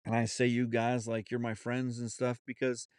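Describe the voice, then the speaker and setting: A man hosting his own podcast, talking off the cuff in an earnest, halting way with many restarts and fillers, and a Southern US accent. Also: mid-range voice, monotone, darkish tone, clean tone, no echo, studio quality. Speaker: podcast host. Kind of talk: unscripted solo podcast talk.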